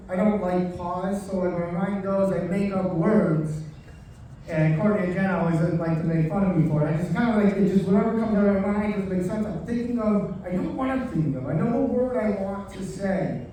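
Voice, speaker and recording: A man giving a memorial speech for his father, halting with pauses and restarts. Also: high-pitched, warm tone, slight background noise. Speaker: son giving a eulogy. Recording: echoey room from far off.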